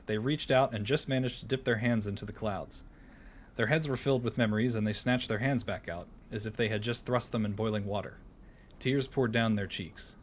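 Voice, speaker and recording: A man streaming a game, chatting casually and reading a storybook aloud in a playful, animated way. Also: medium pitch, slight background noise.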